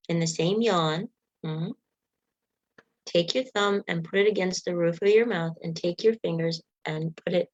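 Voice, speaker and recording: Woman meditation guide, lower voice, dry close sound, soft unhurried coaching. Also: dry recording, lo-fi sound. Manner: leads yawning and stretching exercises.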